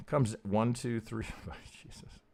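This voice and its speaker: A man with a fairly low voice talks through charts on a live stream, thinking aloud and swearing as he goes. He keeps checking in with "right?", his pitch jumps up when he makes a point, then drops low and soft when he mutters to himself. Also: fairly even intonation, slow. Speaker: trading educator hosting a live stream.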